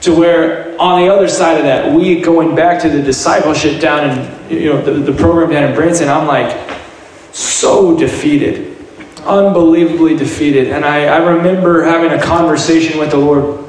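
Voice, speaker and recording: A man sharing a personal faith testimony in an earnest, halting way, often restarting his words. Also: fairly high pitch, fairly even intonation. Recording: very echoey room, heard from a distance, light noise.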